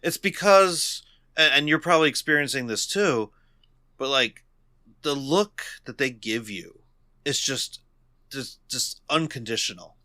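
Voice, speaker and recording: A young man co-hosting a casual podcast, speaking from the heart in halting, restarting sentences. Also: medium pitch, expressive, bright, forceful tone, no room sound, clean studio sound. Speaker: podcast co-host.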